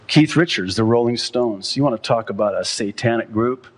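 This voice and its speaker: A man preaching a sermon as pastor, quoting others at length and rising to impassioned, near-shouted peaks. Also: medium pitch, normal speed, hardly any pauses.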